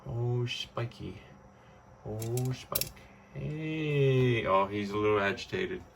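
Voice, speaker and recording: A man's voice: medium pitch, slow, creaky, noisy background. A man casually explaining his reptile enclosure step by step, chatty and informal, filming indoors at home. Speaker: pet owner showing his reptile setup. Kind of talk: casual how-to home video.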